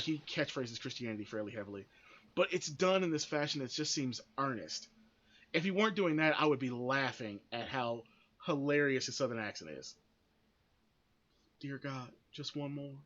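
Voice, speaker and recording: A man's voice: fairly high pitch, sharp tone, lo-fi sound. A man hosting a podcast, giving blunt, opinionated commentary that rambles with frequent restarts and free swearing. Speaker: podcast host.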